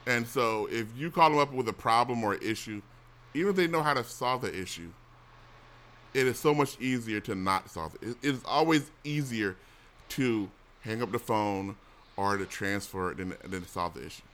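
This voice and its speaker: A man's voice: lowish voice, normal speed, a bit bright. A middle-aged man hosting a casual chat show, complaining bluntly and profanely, with frequent restarts. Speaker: show host.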